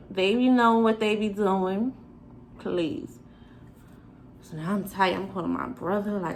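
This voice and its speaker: A young woman from New York telling a storytime to the camera, animated and sassy, acting out the quoted lines. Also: mid-range voice, a little slow, pauses often, slight background noise, low-quality recording. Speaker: vlogger. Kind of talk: storytime chat.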